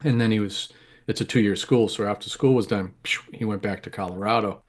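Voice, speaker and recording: Middle-aged male interview guest, low register, casual and frank, talks in loose run-on stories. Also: steady tone, a little fast. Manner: rambling, candid, self-correcting. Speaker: interview guest, home grower.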